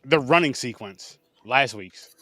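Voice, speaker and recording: A man co-hosting a film podcast, talking excitedly and swearing freely in casual chat. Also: medium pitch, a little slow, no room sound. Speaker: podcast co-host.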